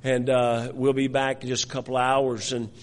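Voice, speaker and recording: A man's voice: mid-range voice, level tone, normal speed. An older man preaching, telling a personal story with many restarts and repeated words. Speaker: pastor. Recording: long hall reverb.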